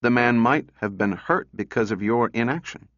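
A man's voice: mid-range voice, moderate pace, a bit bright, no room sound, muffled recording, close to an everyday voice. A man reading a story, voicing a stern woman psychologist who asks clipped, probing questions while holding back anger.

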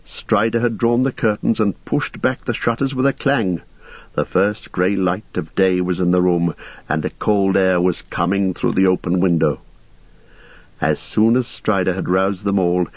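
A man reading an audiobook in a steady, measured storytelling voice, on a dull lo-fi recording. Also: low voice, no echo. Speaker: audiobook narrator. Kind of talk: scripted narration.

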